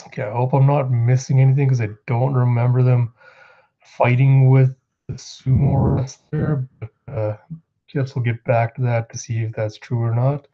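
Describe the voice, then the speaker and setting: A man's voice: mid-range voice, level tone, moderate pace, lo-fi sound. A man hosting his own channel, casually recapping a manga chapter and reading the characters' lines aloud. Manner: rambling, reads character lines aloud in quotes.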